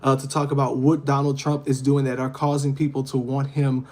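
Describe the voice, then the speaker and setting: Earnest man with a flat, mellow voice. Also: mid-range voice, fairly quick. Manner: earnest, questioning, reads out viewer comments. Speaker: livestream host. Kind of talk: casual livestream talk to viewers.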